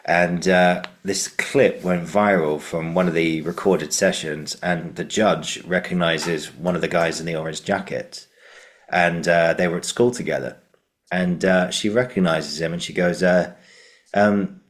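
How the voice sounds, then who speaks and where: A man's voice: low-pitched, fairly even intonation, normal speed. A man hosting a podcast, telling a long anecdote with lots of fillers and asking his guest questions. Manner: rambling storyteller with many fillers. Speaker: podcast host. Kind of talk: casual interview chat.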